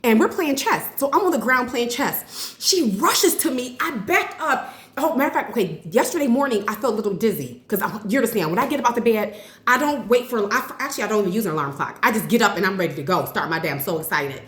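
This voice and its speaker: Chatty woman vlogger, bright and roomy. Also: fairly high pitch, quick pace. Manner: chatty, excitable storyteller addressing viewers as y'all. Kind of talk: casual chat to camera. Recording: roomy echo.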